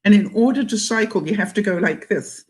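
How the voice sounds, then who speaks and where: A woman's voice: medium pitch, a little fast, darkish tone. An older woman from Canada, vlogging in a casual livestream chat, talking chattily, laughing often and reading viewer comments aloud.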